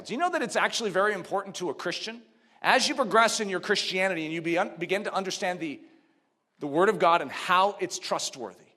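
Guy preaching a sermon, high voice, really bright and sharp, keeps asking the crowd questions then pushes hard. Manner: emphatic, building to near-shouted exhortations; teaching step by step, posing rhetorical questions.

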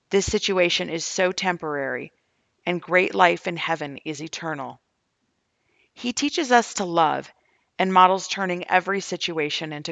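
A woman's voice: on the low side, creaky, fairly bright tone, dry recording, highs cut off. A middle-aged woman, a grieving mother, reads her own journal posts aloud in an earnest, questioning way as she shares her faith testimony.

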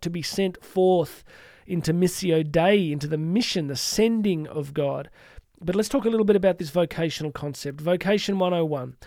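A man hosting an inspirational podcast for teachers, speaking warmly with playful asides and slowing down for emphasis. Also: fairly high pitch, no room sound, clean studio sound. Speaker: podcast host.

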